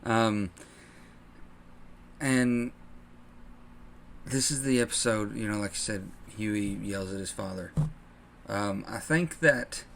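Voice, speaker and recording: A man co-hosting a casual podcast chat, relaxed and full of fillers, acting out scenes he retells. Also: fairly low pitch, slow, long pauses, slight background noise. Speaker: podcast co-host.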